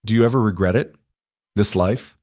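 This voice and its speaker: A man's voice: on the low side, normal speed, darkish tone, dry recording, studio quality, close to an everyday voice. A man voicing a proud, guarded young woman in a romance audiobook, lifting his voice for her. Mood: searching.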